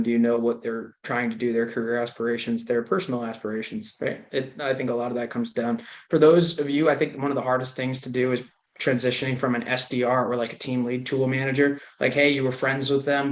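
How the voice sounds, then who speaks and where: A man with a mid-range voice speaks on a webinar panel. He talks casually and sprinkles his speech with fillers. He comes through a video call. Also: medium pitch. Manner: casual, many "like" and "right". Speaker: sales leader panelist.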